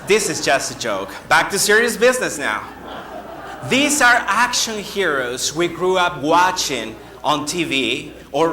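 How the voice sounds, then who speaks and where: A man giving a speech-contest oration, slow and emphatic, with dramatic pauses. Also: fairly high pitch, sharp tone, a little hiss or hum. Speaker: contest speaker. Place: hall. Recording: echoey hall.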